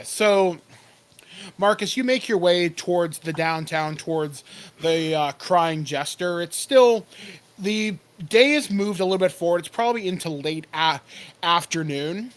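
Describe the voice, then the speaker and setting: A man narrating a tabletop game as game master, relaxed and rambling, laughing often. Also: high-pitched.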